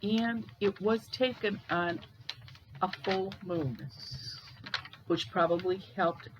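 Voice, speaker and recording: A woman from Cleveland, Ohio, telling ghost stories in a casual, halting way, with pauses and restarts. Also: medium pitch, highs cut off, background noise. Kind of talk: casual storytelling.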